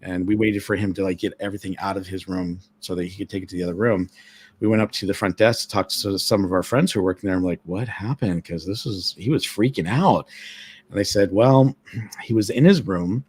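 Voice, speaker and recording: Chatty low-voiced man telling a ghost story. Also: brisk, darkish tone, slightly rough. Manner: chatty, many fillers, acts out quoted voices. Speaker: guest storyteller, former ship employee. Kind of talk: casual storytelling on a live stream.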